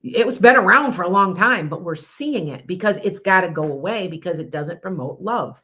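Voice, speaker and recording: Woman, psychic podcast host, low-pitched, casual rambling chat, repeats herself, answers viewer comments. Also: animated, normal speed, bright, forceful tone. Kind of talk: casual live-stream chat.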